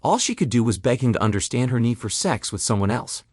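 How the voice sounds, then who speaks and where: Animated male story narrator. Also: mid-range voice, fast talker, few pauses, dry recording, studio quality. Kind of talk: scripted narration.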